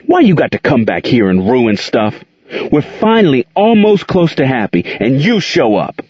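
A man's voice: medium pitch, wildly swooping pitch, moderate pace, husky, dry recording, pitched above the performer's own voice. A man doing a defiant, angry teenage boy. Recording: dull lo-fi dry recording.

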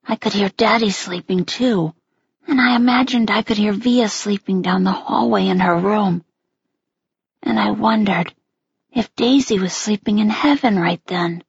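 Slow, husky woman narrating a story. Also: mid-range voice, dry recording, dull audio. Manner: slow, quiet and intimate. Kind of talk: scripted audiobook narration.

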